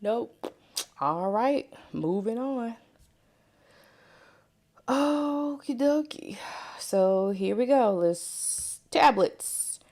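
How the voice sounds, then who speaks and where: A woman's voice: fairly high pitch, animated, drawn-out words, long pauses, a little mellow. A woman with a Southern US accent, a nurse tutoring students live, chatty and prone to side tangents as she walks through each step. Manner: chatty, digressive, talks step by step. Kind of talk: live dosage calculation tutorial.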